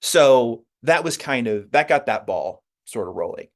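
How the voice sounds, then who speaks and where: A man's voice: medium pitch, very animated, measured pace, gravelly. A man, a comics writer as a guest, telling his story in a rambling way with many fillers and restarts. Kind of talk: conversational interview.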